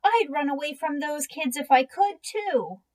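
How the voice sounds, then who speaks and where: A woman's voice: a little high, takes it slowly, a little mellow. A woman reading a children's storybook aloud and voicing a flustered middle-aged father who is a school principal, alternately pleading and firm. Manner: pleading, then firm and coaxing.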